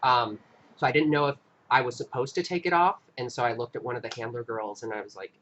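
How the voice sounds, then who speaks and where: A man hosting a live stream, earnestly recounting an experience in a halting, casual way with frequent restarts. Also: mid-range voice, fairly even intonation, fairly bright tone, lo-fi sound, slight background noise. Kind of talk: casual storytelling.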